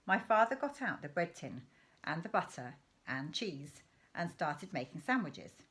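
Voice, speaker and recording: A woman reads a children's novel aloud in an expressive storytelling voice. Her pitch rises and falls freely. She gives each character a voice of her own. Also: measured pace. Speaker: audiobook reader.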